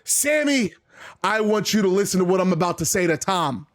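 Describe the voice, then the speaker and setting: A man voicing a cold, defiant male wrestler who speaks calm threats. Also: high-pitched, normal speed, voice pushed down.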